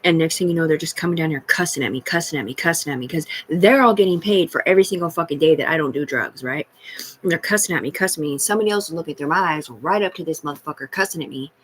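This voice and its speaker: A woman's voice: low voice, quick pace, slight background noise, rough recording. A woman ranting on a livestream in a rambling, profane, agitated monologue that jumps between topics. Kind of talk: rambling live-stream monologue.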